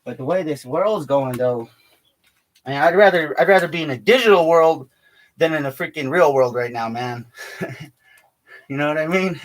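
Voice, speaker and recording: A man's voice: on the high side, normal speed, long pauses. A man rambling casually in a vlog, swearing a lot, tacking "man" onto his lines and laughing often. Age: adult with a child. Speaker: vlogger.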